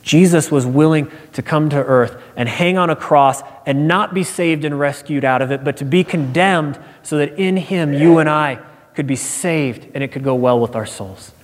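A male pastor preaching earnestly in a somewhat high voice, dropping to near-whispers and then rising to emphatic, repeated phrases. His sermon rings with the long reverb of a large hall. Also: normal speed.

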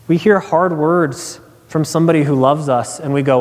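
A man in his thirties preaching a sermon, telling a personal story and acting out quoted voices, dropping low for emphasis. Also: normal speed. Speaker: pastor. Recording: long hall reverb.

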